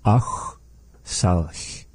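A man teaching a language lesson, saying phrases slowly and carefully and repeating them for learners. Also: a little mellow, no echo.

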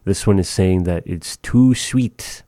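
A man teaching words of a language in a relaxed, chatty way, repeating each word slowly. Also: deep voice, no room sound, studio quality. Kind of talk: casual language lesson.

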